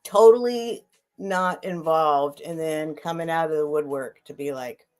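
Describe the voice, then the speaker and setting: A woman's voice: low voice, unhurried, darkish tone. A middle-aged woman hosting a live sale stream, chatting casually, rambling with restarts and answering viewers' comments. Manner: rambling, restarts and trails off, reads and answers chat. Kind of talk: casual chat on a livestream.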